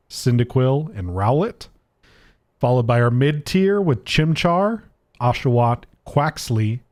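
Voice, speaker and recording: A man's voice: mid-range voice, darkish tone. A man co-hosting a casual gaming podcast, laid-back and hesitant, with many ums and restarts. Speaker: podcast co-host.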